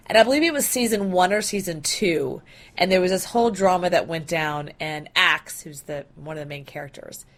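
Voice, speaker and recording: A bubbly woman hosting a solo podcast, chatting loosely with lots of ums and quick laughs. Her voice sits on the lower side, and she rambles happily from one thought to the next. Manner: bubbly and excitable, with laughs and many fillers. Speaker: podcast host. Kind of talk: casual solo podcast talk.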